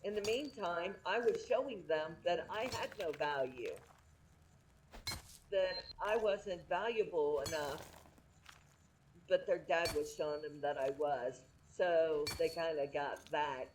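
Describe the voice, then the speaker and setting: A woman's voice: low-pitched, a little mellow, a little hiss or hum, rough recording. A middle-aged woman streaming from home, chatting candidly and rambling with frequent restarts. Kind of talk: casual chat.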